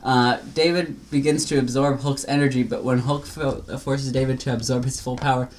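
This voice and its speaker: A man's voice: mid-range voice, steady tone, normal speed. Rambling young man retelling a plot. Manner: rambling, stumbling retelling with many fillers. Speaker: podcast co-host. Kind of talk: casual chat.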